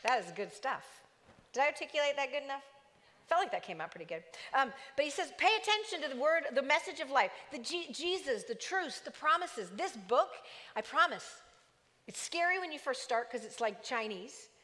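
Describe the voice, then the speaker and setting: Lively woman preaching in a reverberant church. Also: high voice, moderate pace. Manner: lively, joking asides to the congregation. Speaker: pastor. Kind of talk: sermon. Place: church sanctuary.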